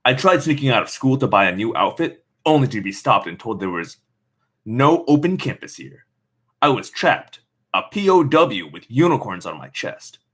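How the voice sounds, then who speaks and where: A man's voice: lowish voice, fairly bright tone. A man reading a novel aloud and breaking off for sarcastic comments on the text. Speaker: reader.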